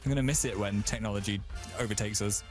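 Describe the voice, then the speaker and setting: A man's voice: fairly low pitch, fairly even intonation, fast talker, faint music behind. A young man with an English accent co-hosting a radio show, talking in a dry, earnest, easygoing way. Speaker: radio co-host. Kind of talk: casual radio chat.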